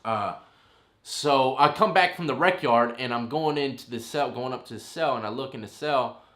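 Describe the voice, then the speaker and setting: A man in his thirties casually telling a long story, rambling and animated, full of "you know what I mean". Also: medium pitch, moderate pace. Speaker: vlogger telling a prison story. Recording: roomy echo.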